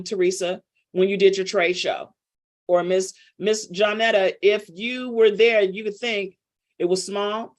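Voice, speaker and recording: A middle-aged woman business coach teaching a live online class, chatty and teasing as she calls on students by name. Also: medium pitch.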